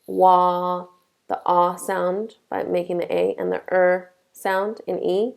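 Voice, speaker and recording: Slow, gravelly-voiced woman teacher. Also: lowish voice, little pitch movement, darkish tone. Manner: slow, deliberate explaining with frequent "okay?" checks. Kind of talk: classroom lesson.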